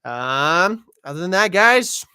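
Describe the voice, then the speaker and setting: A podcast host chatting casually, rambling and poking fun at himself. His voice is bright and a little high, recorded dry and close. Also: sing-song, takes it slowly, clean tone, no room sound. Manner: rambling, self-deprecating.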